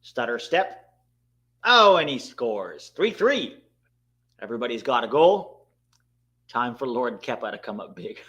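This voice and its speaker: A man at medium pitch hosts a live broadcast of a match viewing. He talks casually and reacts loudly to decisive moments. He keeps addressing the viewers in the chat. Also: measured pace, long pauses, muffled recording. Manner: excitable, bursts out at big moments, talks to chat. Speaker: host of a live watchalong.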